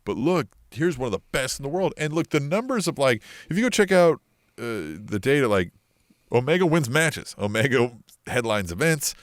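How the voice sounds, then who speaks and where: Profane, animated podcast co-host man. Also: moderate pace, dry recording, studio quality. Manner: profane, acts out wrestlers in loud high voices. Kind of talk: casual podcast chat.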